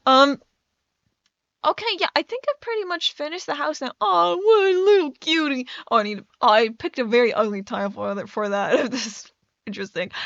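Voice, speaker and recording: A woman's voice: a little high, fairly bright tone, dry recording, dull audio. A young woman, a native Dutch speaker, rambling casually over gameplay, often stumbling and restarting her sentences. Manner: rambling, self-interrupting, frequent stammered restarts. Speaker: gaming YouTuber. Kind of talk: casual rambling commentary while playing.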